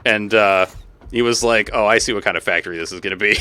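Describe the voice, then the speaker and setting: A man streaming a factory-building game, chatting with viewers in an animated way and breaking into exasperated, swearing outbursts. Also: on the low side, a little fast, slight background noise. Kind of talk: live gameplay commentary.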